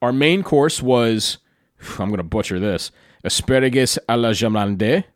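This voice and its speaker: A man recounts a trip in casual, enthusiastic narration, often turning to the listener. His voice sits in an ordinary middle pitch. The recording is dry and close, with no room sound. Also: unhurried, dry recording. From Pennsylvania, USA. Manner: enthusiastic, conversational, chatty asides. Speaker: travel storyteller. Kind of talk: casual travel recap narration.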